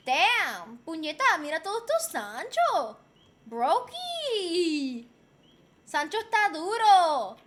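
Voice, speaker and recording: Excitable high-voiced woman. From Puerto Rico. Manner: excitable, swears freely, laughs often. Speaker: streamer. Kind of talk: casual live-stream chat.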